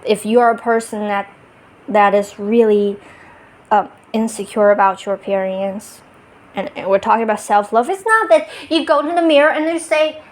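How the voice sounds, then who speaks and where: Speaking at a moderate pace in a fairly high voice, a spiritual vlogger with a non-native English accent addresses her phone from her bed. The self-help monologue is reflective, punctuated by restarts and laughter at her own slips.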